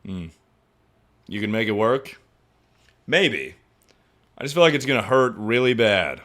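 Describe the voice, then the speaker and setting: A man's voice: fairly low pitch, a little slow. Profane, self-mocking young man streamer. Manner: profane, self-mocking, swings to loud excited outbursts. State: injured, in pain. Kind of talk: casual livestream chat.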